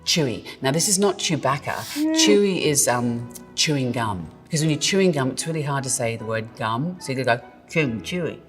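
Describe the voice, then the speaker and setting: A woman's voice: extremely low pitch, lively intonation, a little fast, few pauses, long reverb tail, over music. An Australian woman who acts, explaining slang in a jokey, self-mocking way and drawing out words. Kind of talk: playful scripted explainer.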